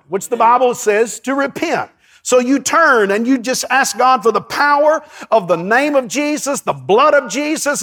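A male pastor, preaching a lively sermon in a church and calling out to his congregation. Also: very high voice. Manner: lively, storytelling, calls to the congregation.

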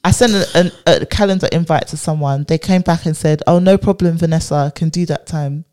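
A woman co-hosting a podcast in casual, emphatic chat, quick to laugh. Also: deep voice, darkish tone. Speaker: podcast co-host.

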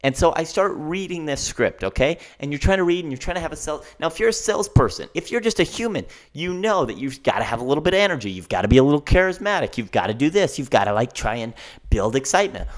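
A man's voice: on the high side, very animated, fast talker. A man hosting a solo podcast, ranting emphatically and often asking "okay?". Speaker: podcast host.

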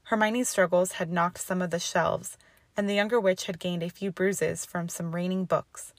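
A woman narrates fan fiction in a steady storytelling voice. Her pitch sits on the low side, and the recording is dry and close with no room sound. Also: normal speed, no echo. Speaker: audiobook reader. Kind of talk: fanfiction read aloud.

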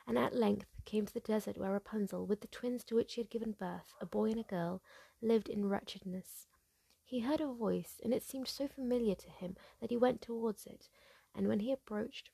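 A woman reading a fairy tale aloud in a soft, breathy whispered role-play, gentle, slow and hushed. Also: mid-range voice, dry recording. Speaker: storyteller.

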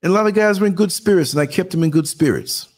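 A man in his sixties with a New York accent, hosting a live show and chatting casually, telling animated stories and acting out quotes in a higher voice. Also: fast talker. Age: 60s. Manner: animated storyteller, acts out quotes in a higher voice, laughs often. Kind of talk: casual live-stream chat.

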